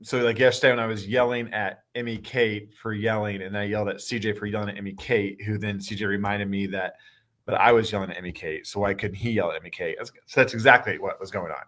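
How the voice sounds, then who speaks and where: A man with a Midwestern American accent hosting a casual live chat, asking quick conversational questions and keeping things on track. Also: lowish voice, fairly even intonation, a bit bright. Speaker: host.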